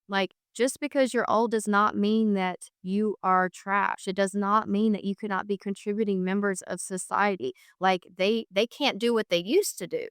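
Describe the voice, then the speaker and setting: Earnest woman, clear dry voice. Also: medium pitch, a bit bright, no room sound. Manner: earnest, emphatic, repeats phrases for stress. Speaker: guest, founder of an equine therapy charity. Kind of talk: casual podcast conversation.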